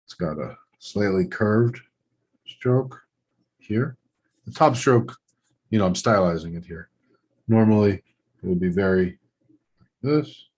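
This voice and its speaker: A man's voice: lowish voice, slow pace, pauses often, darkish tone, slightly rough, rough recording. A man teaching a lesson on writing letters, talking through each stroke as he draws it, in short trailing phrases. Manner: thinking aloud while drawing letters, short trailing phrases. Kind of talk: relaxed instructional demonstration.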